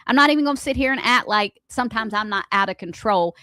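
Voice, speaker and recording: A fairly high-voiced woman co-hosts a morning radio show. She talks loudly and with feeling, her pitch leaping all over the place. The sound is dry and close, as from a studio mic. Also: fast talker, no echo. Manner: loud, animated, talks with emotion. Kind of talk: casual on-air banter.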